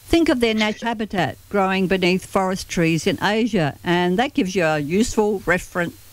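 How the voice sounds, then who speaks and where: A gardening show host walks listeners through frost care and planting in a chatty, explanatory manner. The voice sits at a middle pitch. It is recorded dry and close, with no room sound. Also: a little fast, dry recording. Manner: chatty, explanatory, with occasional light laughter. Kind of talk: gardening advice talk.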